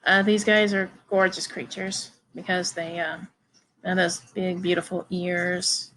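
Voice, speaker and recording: A woman lectures on biology at an unhurried, deliberate pace, filling pauses with frequent "um"s and "uh"s. She talks to her students casually and directly. A faint hiss of noise sits under her voice. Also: fairly low pitch, flat delivery, fairly bright tone, rough recording. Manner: halting, many fillers and restarts; informal, addresses students directly. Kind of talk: recorded classroom lecture.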